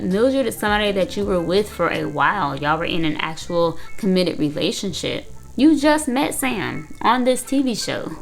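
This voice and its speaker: A woman's voice: medium pitch, animated, moderate pace, hardly any pauses. A young woman recapping and reacting to a reality show in casual chat, blunt and full of "like" and "you know". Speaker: reaction video host, counseling student.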